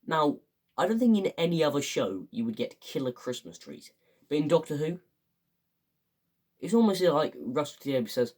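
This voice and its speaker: Rambling young lad. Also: male voice, medium pitch, big pitch swings, brisk, a little mellow. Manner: rambling, filler-heavy, enthusiastic, acts out quotes. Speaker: fan reviewer. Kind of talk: casual spoken review.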